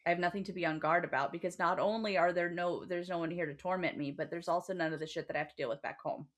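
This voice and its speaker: A woman's voice: fairly low pitch, quick pace. A woman co-hosting a podcast, chatting animatedly with frequent laughter and swearing, and reading passages from a novel aloud. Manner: animated, profane, laughs often. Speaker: podcast co-host.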